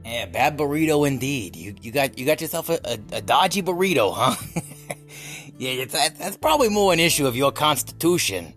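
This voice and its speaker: A man from the New York area with a New York accent, hosting a comedic rant podcast in an animated, rambling way full of restarts. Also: mid-range voice, fairly quick, soft background music. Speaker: podcast host.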